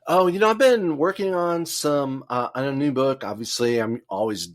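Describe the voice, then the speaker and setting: An easygoing man chatting as a guest author on a podcast. He speaks in a middle-pitched voice and meanders with frequent ums and restarts. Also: normal speed. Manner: rambling with many fillers and restarts. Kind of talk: casual interview conversation.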